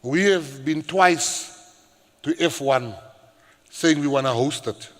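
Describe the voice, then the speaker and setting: A middle-aged South African man, a government minister, giving a public speech and telling stories in an animated way, laughing and shouting as he acts them out. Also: fairly high pitch, slow pace. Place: large hall at a public event. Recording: reverberant hall.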